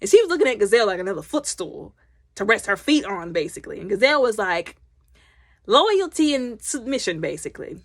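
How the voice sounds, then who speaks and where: Animated chatty woman recapping a movie. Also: medium pitch, brisk, no echo, clean studio sound. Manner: animated, chatty, slangy, talks loud. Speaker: movie reviewer.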